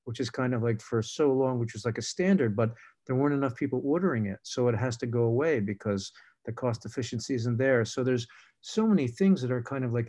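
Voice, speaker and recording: Mellow-voiced rambling man guest. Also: medium pitch. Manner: rambling with many fillers and restarts. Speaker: film director and guest. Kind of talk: casual panel talk.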